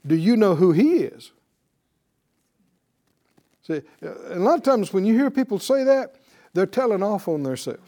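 A man's voice: high-pitched, sing-song, measured pace, pauses often, warm tone. A man teaching a Bible lesson in sermon style, emphatic and putting rhetorical questions to his listeners.

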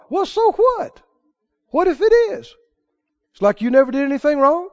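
High, lively folksy male preacher. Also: normal speed. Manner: folksy storytelling, rising to emphatic exhortation. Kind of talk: sermon. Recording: dull lo-fi sermon recording.

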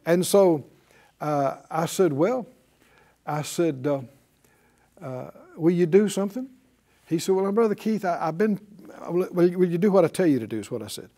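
A man's voice: a little high, moderate pace. An older man preaching a sermon, calling for responses from the congregation and telling a story from his ministry. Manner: animated call-and-response preaching, hallelujahs; storytelling, acting out both sides of a conversation.

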